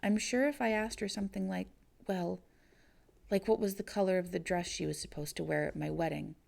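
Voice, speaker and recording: A woman reading aloud plays a young woman white and shaking with rage, her words sharp and accusing, close to screaming. The voice sits low and gravelly, with a dark, mellow tone. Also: fairly even intonation, brisk. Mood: dismissive. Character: furious young woman defending her grieving family.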